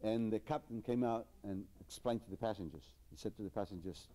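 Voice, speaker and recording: A comedian telling a string of jokes in a lively, storytelling way, chuckling at his own punchlines. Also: fairly low pitch, fairly quick, hardly any pauses. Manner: animated, repetitive storytelling with chuckles. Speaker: stand-up comedian. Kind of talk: joke telling.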